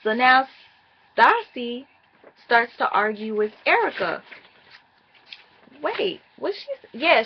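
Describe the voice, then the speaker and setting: Gravelly woman gossiping in a casual vlog. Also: on the high side, dull audio. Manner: chatty, profane, talks straight to viewers. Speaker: reality TV recap vlogger. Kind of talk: casual chat recap.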